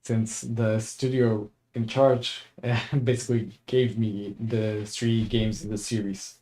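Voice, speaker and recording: A young man streams a game with relaxed, rambling commentary. His voice is mellow and warm, at an ordinary pitch. He takes his time, drifting from thought to thought with easy laughs. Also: takes it slowly. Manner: laid-back, chatty, chuckles often. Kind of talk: casual let's-play commentary.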